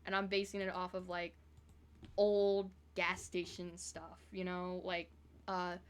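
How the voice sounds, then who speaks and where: A woman's voice: on the low side, monotone, takes it slowly, smooth. A woman from the American South chatting casually on a live stream, rambling with lots of fillers.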